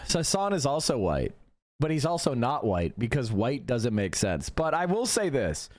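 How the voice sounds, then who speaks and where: Man, young adult, streamer, profane emphatic rant, very animated pitch, dry close mic. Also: moderate pace, no echo. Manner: profane, emphatic ranting, reads chat aloud. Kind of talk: casual livestream commentary.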